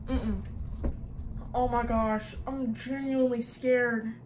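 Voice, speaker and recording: A woman's voice: a little high, unhurried, long pauses, noisy background. A woman giving jittery horror game commentary, talking to herself and her viewers as she plays. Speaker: gaming creator.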